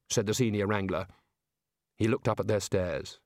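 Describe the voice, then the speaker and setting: In a studio-quality recording without echo, a man with a fairly low pitch narrates from a script. His audiobook reading is measured yet expressive.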